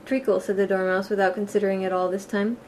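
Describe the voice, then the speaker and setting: A woman narrating a storybook audiobook in a plain, steady reading voice with a few small slips. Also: mid-range voice, fast talker, slight background noise. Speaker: audiobook reader.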